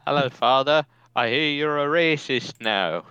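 A man's voice: a little high, unhurried, sharp tone, clear, resonant tone, dry recording, lo-fi sound. A man co-hosting a podcast, teasing his friends and laughing a lot in casual banter. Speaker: podcast co-host.

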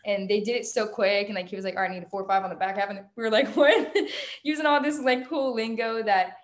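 Young female country artist, quick and chatty, bubbly interview guest. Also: mid-range voice, steady tone. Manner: bubbly, says "like" a lot. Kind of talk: casual interview chat.

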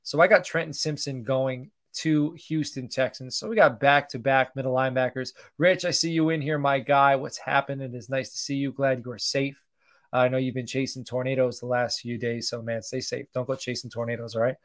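A man's voice: medium pitch, steady tone, a little fast. A middle-aged man hosting a livestreamed sports show, running through picks in a chatty way and greeting viewers by name. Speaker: podcast host doing a mock draft. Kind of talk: casual livestream commentary.

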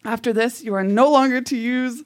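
A woman's voice: a little high, normal speed, a little hiss or hum. A woman on stage at a live show, reading her old letters aloud with mock outrage while the audience laughs.

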